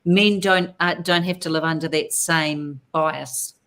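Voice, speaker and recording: A woman's voice: low voice, fairly even intonation, measured pace, fairly bright tone. A woman guest on a live-stream conversation, speaking in an emphatic and outspoken way.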